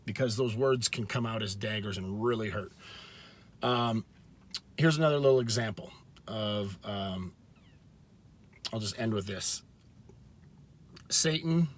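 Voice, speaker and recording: A man's voice: lowish voice, a little hiss or hum. Earnest man giving a casual faith talk. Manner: earnest and conversational, with frequent restarts and emphatic slow stresses. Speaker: video host.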